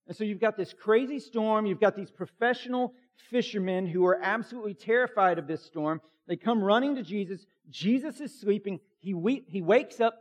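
A man preaching a sermon as a pastor, emphatic and conversational, with many fillers. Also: sits high.

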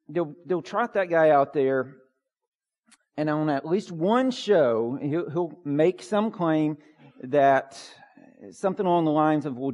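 Pastor, male, light high voice, conversational sermon in a reverberant church hall. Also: darkish tone. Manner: conversational and joking, with emphatic rising peaks. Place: church sanctuary.

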